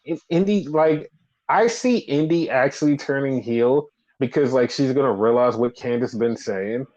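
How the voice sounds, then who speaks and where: With a medium-pitched, slightly mellow voice at a moderate pace, a male podcast co-host rambles through a casual wrestling recap, using lots of fillers and acting out quotes. The lo-fi recording sounds slightly dull.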